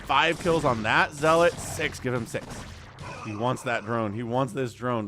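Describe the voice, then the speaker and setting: A man casting a recorded strategy game on a livestream, excitable and chatty, greeting viewers from chat between plays. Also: medium pitch, a little slow, background noise. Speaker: game caster.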